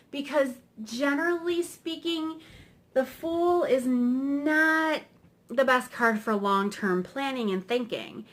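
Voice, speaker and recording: Woman tarot reader, casual and rambling, a bit high. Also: slow. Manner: chatty, rambling, tag questions. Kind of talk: casual explanatory lesson.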